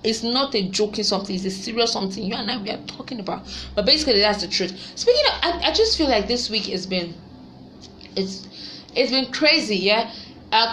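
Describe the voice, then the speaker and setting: A woman's voice: medium pitch, pushed and bright, slight background noise. A young Nigerian woman with a Nigerian accent, chatting animatedly and preaching about love and relationships, laughing often and slipping into pidgin. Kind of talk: casual chat commentary.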